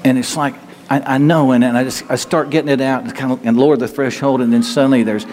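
A man preaching a sermon in a conversational, halting way, often restarting his sentences. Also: medium pitch, fairly even intonation, a little mellow, big-room sound, a little hiss or hum.

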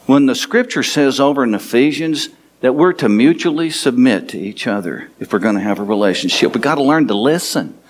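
A man preaching a sermon as pastor, animated, laughing and making quick asides to the congregation. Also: medium pitch, a little hiss or hum.

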